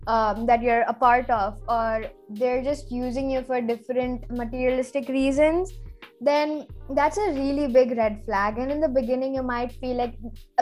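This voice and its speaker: A woman's voice: sits high, steady tone, normal speed, faint music behind. A young woman co-hosting a podcast, chatting casually and self-mockingly while giving earnest advice. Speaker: podcast co-host. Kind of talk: casual chat.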